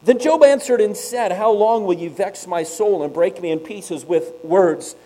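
A man preaching a sermon, reading scripture aloud and explaining it in plain talk, with sharp swings between loud and quiet. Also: high-pitched, unhurried, low-quality recording. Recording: mains hum behind the voice.

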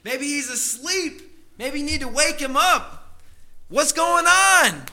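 A brash, cocky prophet throws down a challenge with a sharp, bright, fairly high voice, as a preacher acts him out. He taunts his rivals with total confidence. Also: brisk. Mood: mocking. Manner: taunting, brash and sure of himself.

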